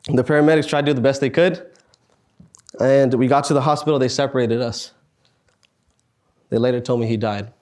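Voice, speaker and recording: A man in his twenties, speaking at a student meetup, telling a personal story in an earnest, halting way with sighs and pauses. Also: medium pitch, fairly even intonation, a little mellow. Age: 20s.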